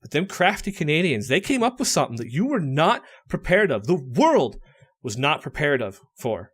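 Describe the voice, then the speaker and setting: Podcast host, man, bouncy animated delivery, laughs a lot. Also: on the high side, normal speed, breathy edge. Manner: animated storytelling, laughs often. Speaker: podcast host running a party game. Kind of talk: casual chat.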